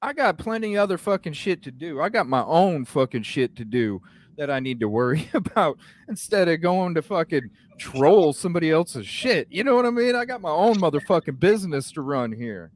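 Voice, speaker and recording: Male podcast host, angry profane rant, lively pitch. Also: normal speed. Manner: profane, animated, repeats "you know what I'm saying". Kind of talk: heated live-stream rant.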